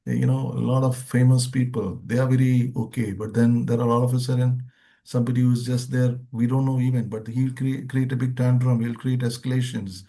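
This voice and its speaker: A man's voice: medium pitch, level tone, fairly quick, dark tone. A man, a behavioral trainer who once worked in IT, speaking in a loose, rambling way in an interview, often saying "see, imagine" and "you know". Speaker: behavioral trainer, formerly in IT and airlines. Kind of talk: interview conversation.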